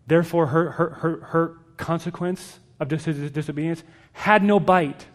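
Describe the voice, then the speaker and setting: A middle-aged male pastor with a fairly high voice preaching plainly and emphatically to parents. He lays out points firmly and slides easily into storytelling. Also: fairly even intonation, moderate pace, big-room sound. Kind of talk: sermon.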